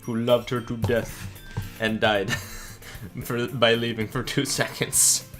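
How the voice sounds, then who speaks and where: A man's voice: mid-range voice, flat delivery, slow, fairly bright tone. A male streamer chatting loosely through a game playthrough. He jokes, laughs easily and drifts off into rambling side stories. Faint game music sits behind his voice. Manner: jokey, laughs often, rambling tangents. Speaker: streamer host. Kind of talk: casual let's-play chat.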